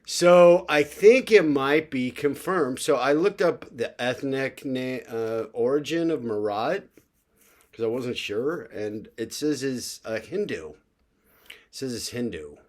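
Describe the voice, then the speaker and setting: A man's voice: medium pitch, lively intonation, slow. An older man talking in a casual, rambling vlog monologue, full of fillers and asides. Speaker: vlogger.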